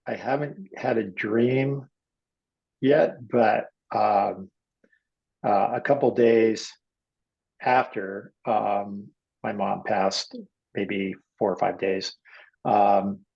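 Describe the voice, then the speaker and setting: A man's voice: lowish voice, creaky, darkish tone, slightly rough, muffled recording. A man telling a personal story in casual conversation, rambling with many fillers and acting out the voices of the people in it. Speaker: guest artist.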